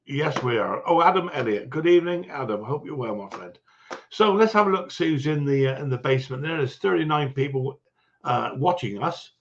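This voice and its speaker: A man's voice: medium pitch, animated, fairly quick, highs cut off. A man hosting a casual livestream chat, greeting viewers one by one with frequent chuckles. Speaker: livestream host.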